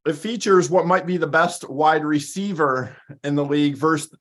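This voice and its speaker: Brief: male sports co-host, upbeat and stat-heavy, slightly higher voice. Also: normal speed, fairly bright tone. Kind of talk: casual sports talk.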